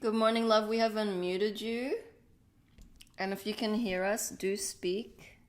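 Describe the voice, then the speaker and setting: A woman's voice: medium pitch, fairly even intonation, unhurried. A woman co-hosting a livestream, chatting casually and affectionately with callers. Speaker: co-host of spiritual livestream. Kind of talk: casual chat.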